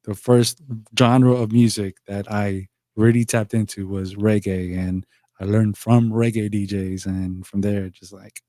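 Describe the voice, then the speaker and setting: A man's voice: fairly low pitch, steady tone, measured pace, dark tone, no echo. A man who works as a DJ, co-hosting a casual stream in a laid-back, playful way. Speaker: DJ and co-host. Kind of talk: casual chat.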